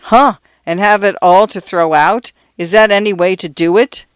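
A man's voice: sits high, normal speed, clear, resonant tone, no echo, voice pushed up, natural voice. A man voicing a blunt, complaining middle-aged woman housekeeper in a read-aloud story. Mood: grumbling.

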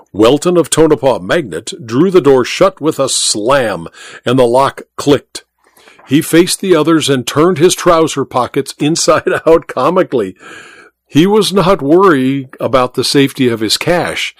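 A man narrating an old-fashioned story as an expressive audiobook reader. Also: mid-range voice, no room sound, studio quality.

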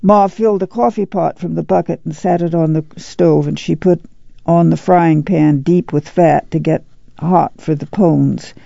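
Gravelly, dark audiobook narrator. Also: medium pitch, steady tone, normal speed, no echo. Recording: dull, dry lo-fi recording.

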